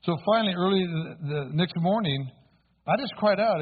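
A preacher with a slightly rough, high-sitting voice tells his own conversion story as a sermon testimony, speaking at a moderate pace with lively intonation. He recounts it earnestly and asks the congregation to respond. The audio is tinny, like a phone.

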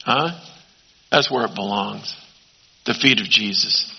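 A man preaching a sermon as pastor, emphatic, swinging between loud urging and quiet asides. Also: lowish voice, a little slow, gravelly, breathy edge. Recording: dull lo-fi sound.

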